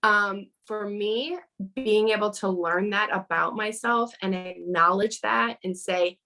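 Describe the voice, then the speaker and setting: A woman's voice: mid-range voice, slow, sharp tone, poor audio. Chatty woman talking earnestly. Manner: earnest, chatty, many fillers and restarts. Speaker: guest. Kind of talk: casual conversational interview. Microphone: video call.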